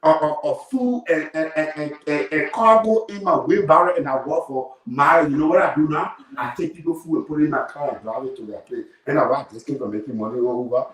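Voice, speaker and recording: A man with a Liberian accent, a guest in an interview, telling stories in a blunt, animated way and swearing freely. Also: fairly high pitch, fast, hardly any pauses, recorded from a distance. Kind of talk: live interview storytelling. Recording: echoey room, voice off-mic.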